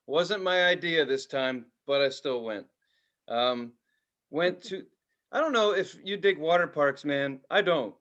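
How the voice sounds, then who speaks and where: A man co-hosting a podcast, telling a profane, animated story in casual chat, now and then shouting loudly. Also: a little high, a little slow, dull audio. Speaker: podcast co-host.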